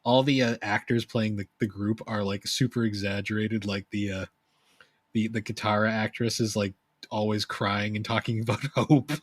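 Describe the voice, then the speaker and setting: A young man co-hosting a podcast, telling stories in a rambling, animated way. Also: fairly low pitch, moderate pace, no echo. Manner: rambling, animated storytelling with laughs. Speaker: podcast co-host. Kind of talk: casual chat.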